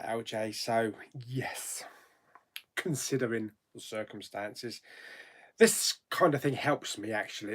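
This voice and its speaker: Slow-talking man chatting on a stream. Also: mid-range voice. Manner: chatty, greets viewers one by one by name; easygoing, thinks aloud with ums and asides. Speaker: host of a live chat stream. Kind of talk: casual live-stream chat.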